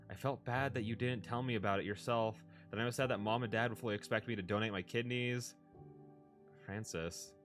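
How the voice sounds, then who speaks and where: A man's voice: on the low side, a bit bright, lightly acted. A man reading a story aloud, voicing a young adult sister who speaks hesitantly and emotionally. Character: young adult woman, anxious, tearful sister.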